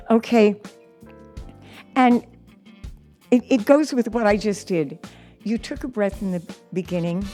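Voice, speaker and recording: A woman's voice: a little high, warm tone. A middle-aged woman teaching singing, speaking encouragingly and reading from her notes. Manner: slow, encouraging, reads aloud and sings examples. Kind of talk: singing lesson with demonstrations.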